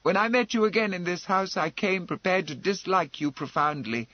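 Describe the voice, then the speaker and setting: A man's voice: high voice, moderate pace, no echo, pitched above the performer's own voice, close to an everyday voice. Guy reading a proud sneering marquess, commanding and curt, kinda dull lo-fi sound. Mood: derisive. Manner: abrupt, commanding, mocking. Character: proud, derisive older male marquess.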